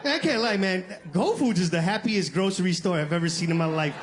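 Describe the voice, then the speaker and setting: A man telling a story on stage as a stand-up comedian, animated, acting out the voices of other people and swearing casually. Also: sits high, fast, background noise.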